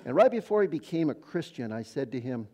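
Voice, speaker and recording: A man's voice: mid-range voice, big pitch swings, brisk, mellow. An older retired man preaching a sermon in a conversational, storytelling way. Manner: conversational storytelling preacher, quoting others in voices. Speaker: pastor.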